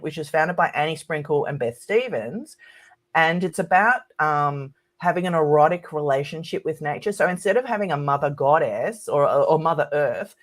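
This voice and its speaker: A woman academic as a podcast guest, talking casually and ranting with animation. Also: low voice. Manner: animated ranting, quick to mimic others.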